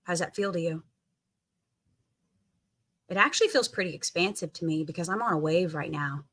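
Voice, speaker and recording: A woman guiding a tapping meditation, coaxing listeners to repeat phrases and take deep sighing breaths. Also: expressive, a little fast, a bit bright, breathy edge. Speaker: tapping session leader.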